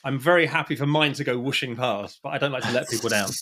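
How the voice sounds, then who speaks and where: A man's voice: medium pitch, quick pace, pushed and bright. A man talking casually as a podcast guest, chatty and self-deprecating, often restarting his sentences. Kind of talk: casual conversation.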